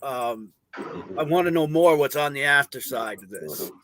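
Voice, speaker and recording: A man's voice: mid-range voice, normal speed, background noise. A man guesting on a paranormal talk show, telling stories at an easy pace. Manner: relaxed storyteller, many uh fillers. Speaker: guest paranormal investigator and clown performer. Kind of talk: casual chat.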